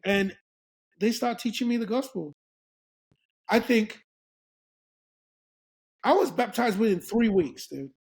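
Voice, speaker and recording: A man's voice: high voice, slow pace, long pauses, husky. A middle-aged man from England, a guest telling a story in a casual interview, laughing often and acting out the voices of the people in it. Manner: animated, laughing, acts out voices.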